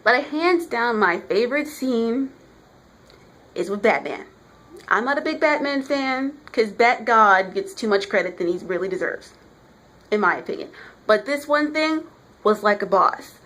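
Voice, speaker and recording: Animated chatty woman reviewing comics. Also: fairly high pitch, measured pace. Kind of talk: casual vlog review.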